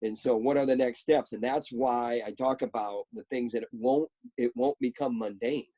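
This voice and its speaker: A wrestling coach giving earnest advice in short, coaching imperatives. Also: male voice, mid-range voice, fairly even intonation, moderate pace, warm tone, low-quality recording. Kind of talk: motivational advice.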